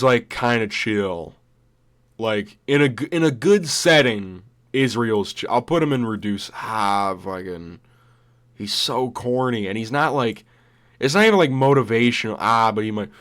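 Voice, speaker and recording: A young man in casual commentary with a mid-range voice. He rambles, swears freely and laughs as he goes. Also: medium pitch. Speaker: vlogger.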